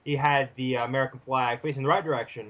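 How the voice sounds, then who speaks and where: A man's voice: mid-range voice, fairly even intonation, fast talker. A young man on a casual podcast, earnestly explaining a point with restarts and fillers. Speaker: podcast co-host. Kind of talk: casual chat. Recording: dull lo-fi podcast mic.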